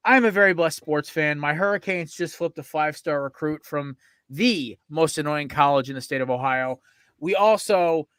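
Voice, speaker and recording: A man hosting a casual sports podcast, telling stories in an excitable, profane way with lots of asides. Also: fairly high pitch, no room sound. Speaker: podcast host.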